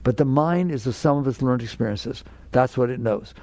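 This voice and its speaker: Older guy, gravelly and mellow, preaching spiritual stuff real emphatic, dry sound. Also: mid-range voice, moderate pace, no echo. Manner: emphatic, direct, acts out inner voices in quotes. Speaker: spiritual teacher. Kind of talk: spiritual talk to an audience.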